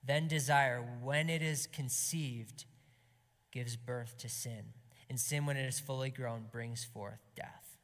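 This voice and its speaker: A man preaching an impassioned sermon to a gathering, swinging between loud emphasis and hushed whispers. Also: medium pitch, steady tone, slow pace. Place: gathering hall. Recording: long hall reverb.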